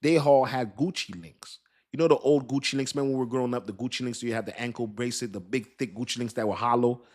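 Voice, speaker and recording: A man's voice: mid-range voice, quick pace, darkish tone. A man hosting a crypto livestream, talking loosely and joking, with laughs and apologetic asides. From United States. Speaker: crypto channel host. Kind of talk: casual livestream chat.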